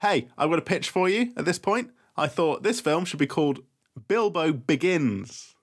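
A young man co-hosting a casual comedic film review chat, making dry, wry asides and quick jokes. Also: fairly high pitch, lively intonation. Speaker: podcast co-host.

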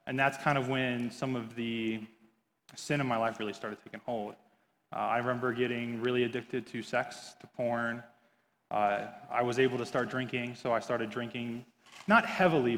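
A man's voice: medium pitch, a bit bright. Young man telling his testimony, reverberant hall. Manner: earnest, candid storytelling with hesitations. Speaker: speaker sharing a personal testimony. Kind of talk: personal testimony.

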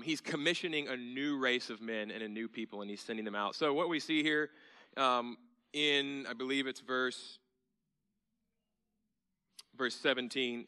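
A pastor preaching a sermon, earnest and emphatic, asking rhetorical questions and repeating key phrases for emphasis. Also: male voice, mid-range voice, bright, forceful tone, clear, resonant tone.

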